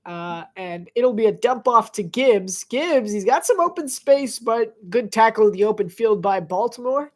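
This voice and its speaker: A congested woman doing casual live play-by-play of a football game, chatty and quick to laugh. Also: fairly high pitch, animated. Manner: chatty, giggly, easily distracted.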